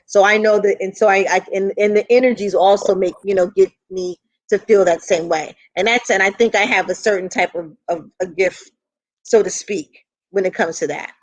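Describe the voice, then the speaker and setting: A woman's voice: medium pitch, fairly even intonation, normal speed, no room sound. A woman, a guest in a casual chat, talking agreeably with many "I mean" and "you know" fillers.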